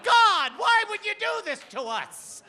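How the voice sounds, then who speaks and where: A man's voice: very high voice, sing-song, a little slow, bright, forceful tone, voice pushed up, full character voice. A comedian voicing his exasperated mother, shrieking and scolding.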